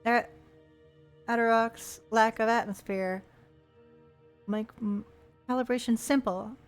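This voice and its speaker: A woman's voice: a little high, steady tone, takes it slowly. Playful woman streamer, faint game music. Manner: playful, chatty, reads text aloud with asides. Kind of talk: gameplay commentary, reading in-game text aloud.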